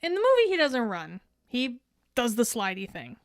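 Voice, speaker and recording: A woman's voice: on the high side, wildly swooping pitch, moderate pace, dry recording, clean studio sound. A woman co-hosting a podcast in casual, profane, laughing chat. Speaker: podcast co-host.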